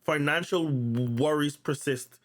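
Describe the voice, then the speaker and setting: A man's voice: a little high, takes it slowly. A man hosting his own channel, reading news notes aloud in a casual way and often stuttering, repeating and restarting words. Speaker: channel host.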